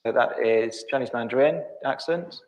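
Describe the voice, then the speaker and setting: Middle-aged guy walking thru a live demo, lots of ums, mid-pitched ordinary voice. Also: a little mellow. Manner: halting, thinking aloud with many ums. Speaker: presenter.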